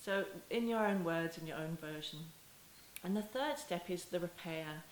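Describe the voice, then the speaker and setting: Gentle woman teaching in an echoey room. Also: lowish voice. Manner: gentle, unhurried, with many restarts and soft acted apologies to a child. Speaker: parenting educator. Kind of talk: talking-head teaching video. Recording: echoey room with faint hiss.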